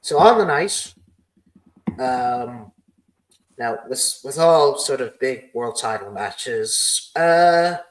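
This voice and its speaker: A man's voice: medium pitch, lively intonation, very slow, low-quality recording. Rambling man, podcast host, lots of fillers. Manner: rambling, heavy "you know" fillers. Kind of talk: casual podcast chat.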